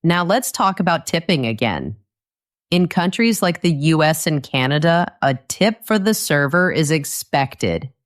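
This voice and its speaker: Lady reading an english lesson really slow, clear and patient. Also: low voice, lively intonation. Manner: slow, clear and patient, acting out dialogue lines. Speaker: English teacher. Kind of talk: scripted lesson narration.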